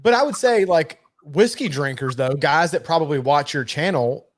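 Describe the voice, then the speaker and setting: A man's voice: a little high, lively intonation, moderate pace. A man in his forties, from Kentucky, chatting casually on a livestream, rambling and laughing as he goes. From Louisville, Kentucky. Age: 40s. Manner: rambling, self-correcting, laughs often. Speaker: guest.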